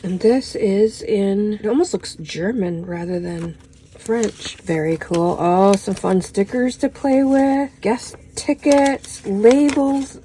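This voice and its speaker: A woman's voice: mid-range voice, slow pace, warm tone, slight background noise, poor audio. A woman in her fifties chatting through an unboxing at home, gushing and exclamatory with lots of little "oh"s. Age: 50s. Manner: gushing, exclamatory, full of little "oh"s and "how fun"s. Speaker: crafting vlogger unboxing a haul. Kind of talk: casual unboxing chat.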